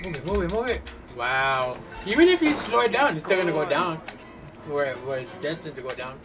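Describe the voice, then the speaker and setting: Swearing, animated male gamer. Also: on the high side, a little fast. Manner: profane, laughing, animated. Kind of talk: casual gameplay commentary. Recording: distant mic with loud game music.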